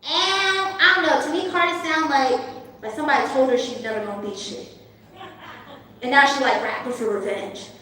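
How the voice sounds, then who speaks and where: A woman's voice: sits high, normal speed, pushed and bright. A woman doing a profane, punchy stand-up set in a hall. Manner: brash, profane, punchy delivery. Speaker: stand-up comedian. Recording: echoey hall from far off.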